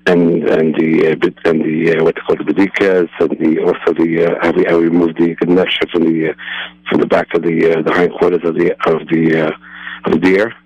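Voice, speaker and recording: A man's voice: sits low, flat delivery, fairly quick, a little mellow, no room sound. A man calling in to a radio show about his old teacher, hesitant and full of restarts. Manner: hesitant, many filler restarts. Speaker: caller, former student. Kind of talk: phone-in recollection. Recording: muffled dry phone line.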